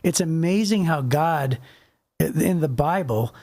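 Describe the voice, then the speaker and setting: Gravelly midlife guy co-hosting a bible podcast, wanders off on tangents, does little voices for quotes. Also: on the high side, expressive, measured pace, a little mellow. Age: middle-aged. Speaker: podcast co-host. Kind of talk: casual faith discussion.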